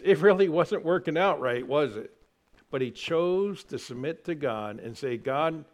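Man preaching with soft low drops. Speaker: pastor. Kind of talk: sermon. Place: church.

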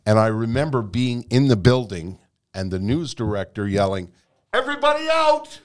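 A man hosting a casual interview chat, agreeable and quick to back up his guest. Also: fairly low pitch, fairly even intonation, a little mellow. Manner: agreeable, frequent backchannel "right". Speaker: host.

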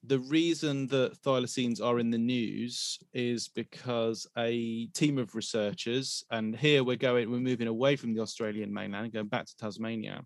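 A man's voice: mid-range voice, fairly even intonation, moderate pace, hardly any pauses, no echo. A man hosting a podcast in a casual, rambling way, trailing into hesitations and breaking into laughter. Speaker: podcast host.

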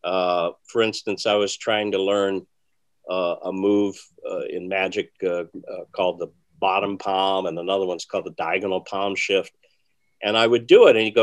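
A man who is a magician, telling stories in an interview with a rambling, conversational manner full of fillers and restarts. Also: normal speed. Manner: often soft and low, with lively bursts. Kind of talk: casual interview storytelling.

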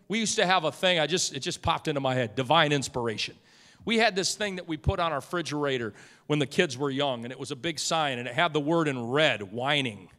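A high, lively male voice with a bright, forceful edge, preaching from a church platform. He moves between booming emphasis and soft, chatty asides. A long reverb trails after him through the sanctuary. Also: fairly quick. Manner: swings from loud preaching to quiet, chatty asides with laughs. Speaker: pastor. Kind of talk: sermon.

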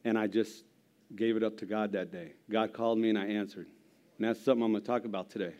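A middle-aged man telling his conversion story in a church, gruff and humorous, with a storyteller's pacing. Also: lowish voice, fairly even intonation, fast, darkish tone. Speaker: lay preacher giving testimony. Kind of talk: sermon testimony.

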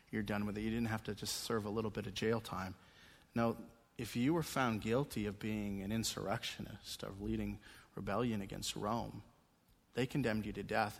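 Animated male pastor preaching in a reverberant sanctuary. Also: lowish voice, vocal fry. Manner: animated preaching, swinging from quiet asides to emphatic raised passages. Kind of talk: expository sermon. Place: church sanctuary during a service. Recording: long reverb of a church sanctuary.

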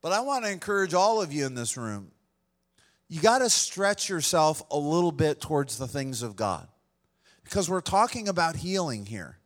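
A man's voice: a little high, very animated, normal speed. A male pastor preaching a sermon to a room full of people, telling a story in an earnest, conversational way. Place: room with a congregation.

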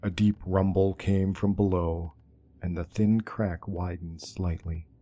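A man narrating a dark fantasy story in a slow, measured way. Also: deep voice, fairly even intonation.

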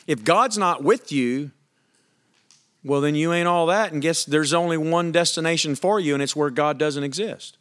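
A pastor delivers a sermon in an unhurried, slightly bright male voice pitched a bit above the usual male range. He speaks conversationally to the congregation, reads scripture aloud, and drives his points home with emphatic questions.

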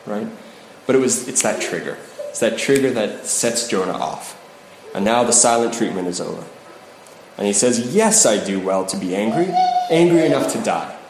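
A man delivers a podcast sermon in a relaxed, conversational way, often pausing to ask "right?". His voice sits at an ordinary middle pitch. The recording is roomy and echoey, with steady ambient noise behind him. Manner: conversational, keeps asking "right?". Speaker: preacher.

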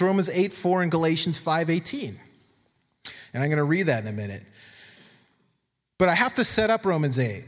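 Earnest high-voiced preacher man. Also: big-room sound. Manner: earnest, animated, emphatic scripture reading. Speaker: pastor. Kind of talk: sermon.

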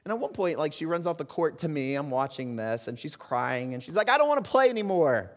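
A middle-aged man preaching a sermon as pastor, earnest and swinging between soft, confiding words and loud exhortation. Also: fairly high pitch, a little fast. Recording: long hall reverb.

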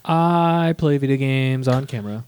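A man's voice: medium pitch, moderate pace, darkish tone, a little hiss or hum. A man co-hosting a casual podcast, chatting enthusiastically and giving his opinions. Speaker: podcast co-host.

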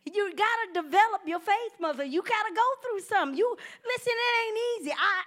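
A woman's voice: extremely high pitch, animated, brisk, fairly bright tone. A woman preaching a sermon in a conversational, humorous way, speaking straight to her listeners and acting out everyday scenes. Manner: conversational, addresses listeners directly.

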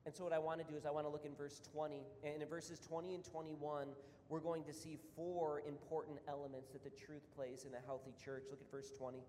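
A man's voice: on the high side, little pitch movement, fairly quick, dark tone, slight background noise. Earnest male preacher in an echoing hall. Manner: earnest, rising to emphatic repetition. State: a little out of breath. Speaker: pastor. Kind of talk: sermon. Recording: long reverb of a hall.

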